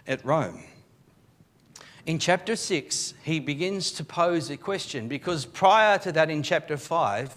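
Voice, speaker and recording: High-voiced male pastor preaching a sermon. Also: a bit bright. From Australia. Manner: expository preaching, reads scripture aloud and explains it; repeats words when starting sentences. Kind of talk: live sermon. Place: church.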